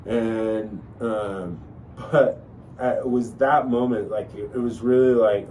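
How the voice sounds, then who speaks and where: A man's voice: fairly low pitch, fairly even intonation, takes it slowly, mellow. A man telling a long personal story in a casual, rambling way, full of fillers and restarts. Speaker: podcast host telling a story. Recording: distant mic with faint noise.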